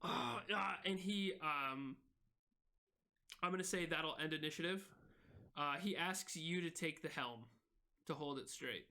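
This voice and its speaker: A man's voice: on the high side, animated, a little slow, vocal fry, pauses often, bright, forceful tone. A man running a tabletop game as game master, narrating loosely with many fillers and restarts.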